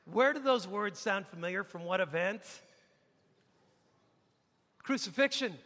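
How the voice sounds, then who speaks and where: A man preaching a sermon as pastor, emphatic, dropping to a hush and rising to loud peaks. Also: sits high, expressive, normal speed. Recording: long reverb of a large hall.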